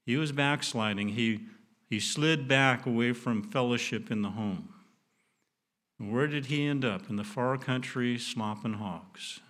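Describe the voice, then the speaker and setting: A man's voice: mid-range voice, measured pace, a bit bright. Earnest folksy man preaching a sermon. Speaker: pastor.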